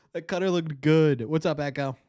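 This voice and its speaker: A man hosting a fan show, commenting live on a game as he watches, nervous and excitable, repeating his cheers. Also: fairly high pitch, normal speed, no room sound, clean studio sound.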